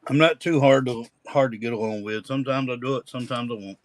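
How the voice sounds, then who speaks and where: A man's voice: mid-range voice, fast, rough recording. A man hosting a live-stream coin auction with folksy, rambling auctioneer patter.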